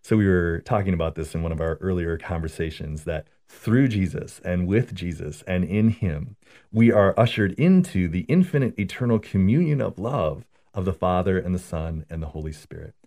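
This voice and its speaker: A priest explains prayer in an earnest, conversational way and tells stories as he goes. His voice sits very low. He often checks in with a quick "right?". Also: lively intonation, warm tone. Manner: earnest, storytelling, repeats "right?".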